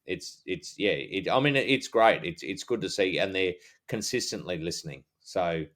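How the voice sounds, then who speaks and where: A man's voice: low voice, lively intonation, moderate pace, fairly bright tone. A middle-aged Australian man co-hosting a podcast, talking in a rambling, casual way with lots of fillers and restarts. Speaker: podcast co-host.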